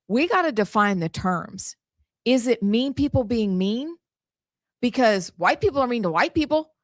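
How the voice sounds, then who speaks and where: A woman's voice: on the high side, expressive, normal speed, no echo, clean studio sound. A woman co-hosting a talk radio show, blunt and opinionated in casual chat, from the American South. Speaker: co-host.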